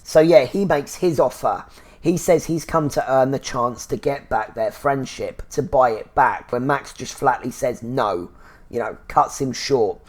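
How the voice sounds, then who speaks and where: A man hosting a casual episode review, chatty and full of fillers, with bursts of excited exclamation. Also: medium pitch. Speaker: TV review show host.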